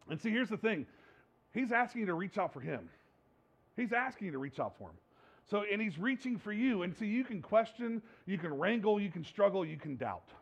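A man preaching a sermon in a lively, repetitive way, stumbling over words and acting out the people he quotes. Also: sits high, slightly rough. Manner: animated, repeats himself, acts out quotes. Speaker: pastor. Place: church hall with slides.

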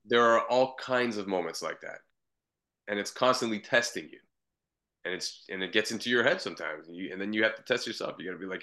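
A man from Canada rambles easily through his answers, circling back and restarting his sentences. His voice sits a little low but rings bright and forward. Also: expressive, brisk. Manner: easygoing, rambling, with frequent restarts. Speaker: guest comedian and voice actor. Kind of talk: casual interview chat.

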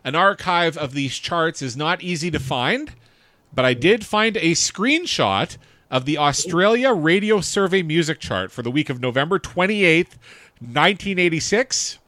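A man's voice: on the high side, expressive, measured pace, sharp tone, no echo. A man co-hosting a podcast in casual chat, reading facts and chart lists aloud and chuckling along. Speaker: podcast co-host.

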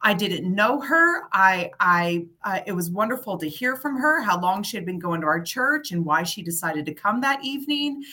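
Bright-voiced woman telling a lively story. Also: mid-range voice, moderate pace, hardly any pauses. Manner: animated storyteller, acts out the people she quotes. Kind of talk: casual chat.

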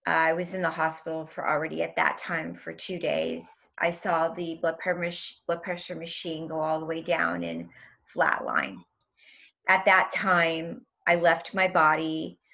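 A woman's voice: low voice, measured pace, creaky, pushed and bright. A young woman telling an intense personal story in an interview, emotional and tumbling, full of "like" and acted-out quotes. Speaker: guest.

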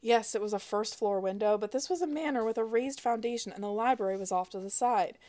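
Author-narrator, woman, wry expressive audiobook reading. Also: fairly high pitch, quick pace.

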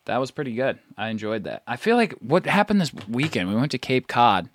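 A man's voice: mid-range voice, very animated, a little fast. A young man, chatting casually and laughing as a podcast co-host. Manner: laid-back, laughing, slangy. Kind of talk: casual chat.

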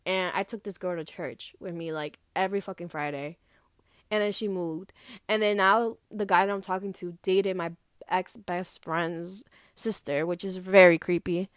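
A young woman vlogger telling a personal story in a loose, casual way, full of fillers and swearing, animated as she retells it. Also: fairly low pitch, normal speed, clear, resonant tone, dry recording, studio quality.

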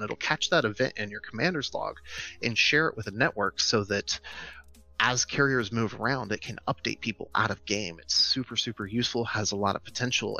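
Eager podcast guy, low gravelly voice, kinda bright, explains stuff step by step. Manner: enthusiastic, explains tools step by step. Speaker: podcast co-host presenting game news. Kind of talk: casual podcast chat.

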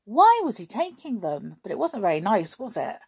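A woman reading a children's story aloud in an expressive way, with chatty asides to the listener. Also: mid-range voice, normal speed, husky.

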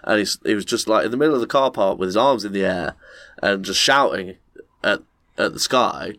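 A man co-hosting a podcast, telling a story in casual chat and acting out people in shrieking high voices. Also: a little fast, no echo. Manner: animated, swears a lot, acts out other people with shrieking high voices. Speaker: podcast co-host.

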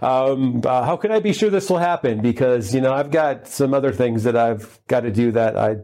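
A man's voice: mid-range voice, moderate pace, a little mellow, close to an everyday voice. A man voicing a fretful old priest who doubts an angel, stammering and bargaining anxiously. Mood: worried.

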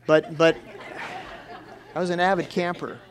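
Folksy preacher man, slightly high voice. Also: unhurried, a faint crowd. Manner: folksy storytelling, lively. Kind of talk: sermon.

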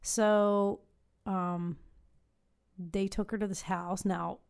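A woman talks through a long story in a casual conversation. Her voice sits warm and mellow, at a middle pitch, and she fills her pauses with plenty of "um"s and small restarts. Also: level tone, creaky, smooth. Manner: rambling storytelling with many fillers. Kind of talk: casual chat.

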